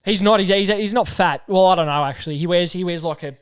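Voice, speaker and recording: Australian man, high smooth dry voice. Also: quick pace, dry recording. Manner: storytelling, laughs easily. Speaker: podcast co-host. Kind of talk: casual banter.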